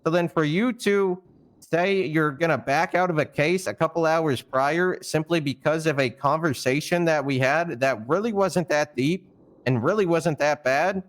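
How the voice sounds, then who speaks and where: A man with a somewhat high-pitched voice vents during a roleplay session. His telling is rambling and full of stammered restarts and casual swearing. He sounds indignant and worked up throughout. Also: moderate pace. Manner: fired-up and indignant. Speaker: roleplayer explaining a firing. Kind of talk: heated storytelling in a roleplay stream.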